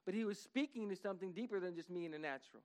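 A man's voice: high-pitched, very fast. A man preaching a sermon in a church, earnest and conversational, building in intensity. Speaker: pastor. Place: church sanctuary.

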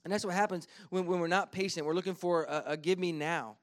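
A man in his thirties, a pastor preaching a sermon, earnest, shifting from quiet storytelling to emphatic points and reading scripture slowly. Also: high-pitched, fairly even intonation. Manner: reads scripture slowly and deliberately.

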